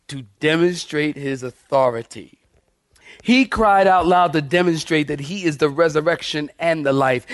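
A middle-aged man preaching a sermon as pastor, animated and talking straight to his congregation. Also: on the high side, no room sound, clean studio sound.

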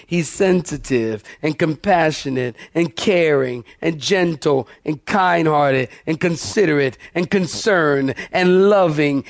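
Emphatic pastor preaching, higher voice. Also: male voice, no echo, studio quality. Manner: asks the congregation for responses, emphatic. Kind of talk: sermon.

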